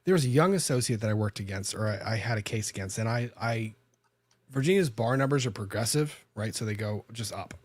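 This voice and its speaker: A man's voice: on the low side, fairly quick, no room sound. Man telling a courtroom story, dry sound. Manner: conversational, frequent restarts and self-corrections. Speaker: lawyer and podcast host. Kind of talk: casual storytelling chat.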